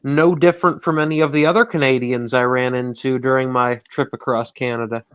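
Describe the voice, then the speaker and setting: A man's voice: mid-range voice, steady tone, a little fast, smooth. A man from the United States chatting casually in a rambling way, full of "uh" fillers. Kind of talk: casual chat.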